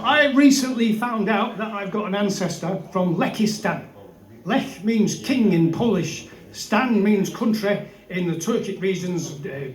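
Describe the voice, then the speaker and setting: A man doing a live comedy set, telling rambling absurd stories with exuberant showman patter. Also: high-pitched. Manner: exuberant, addresses "ladies and gents". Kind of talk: absurd rambling stand-up storytelling. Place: brewery venue, indoors. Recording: echoey room sound.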